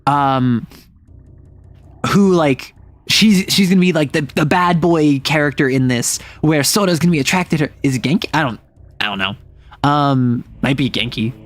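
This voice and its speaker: Animated rambling male streamer. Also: a little high. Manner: animated, rambling, many fillers. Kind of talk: casual chat.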